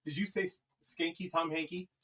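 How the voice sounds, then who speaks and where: A man's voice: fairly high pitch, steady tone, brisk, pushed and bright. A man chatting casually as co-host, chiming in with short wry remarks. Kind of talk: casual chat.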